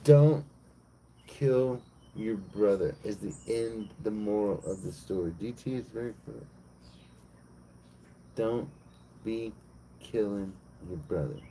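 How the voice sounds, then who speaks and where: A man streaming live, retelling a bible story as comedy in a profane, slangy, animated way. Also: on the low side, slow, long pauses, slight background noise, rough recording.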